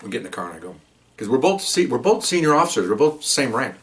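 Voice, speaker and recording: A man's voice: mid-range voice, sing-song, fast talker, fairly bright tone. A man in his sixties, a police veteran, telling stories in a rambling casual way. He keeps checking in with "okay?" and restarts his sentences often. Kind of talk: casual storytelling monologue.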